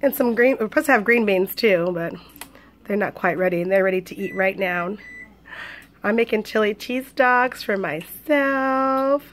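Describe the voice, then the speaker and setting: A woman's voice: mid-range voice, normal speed, slight background noise. A young woman vlogging at home with her twin toddlers at dinner, switching between chatting to viewers and sing-song baby talk to the boys. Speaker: vlogger and mother of twins. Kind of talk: casual home vlog.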